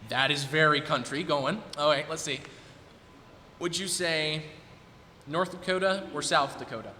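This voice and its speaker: A man's voice: on the high side, measured pace, sharp tone. A man in his twenties, a performer at his recital, chatting casually with the audience and thinking aloud as he goes. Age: 20s. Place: recital hall. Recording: long hall reverb, faint noise.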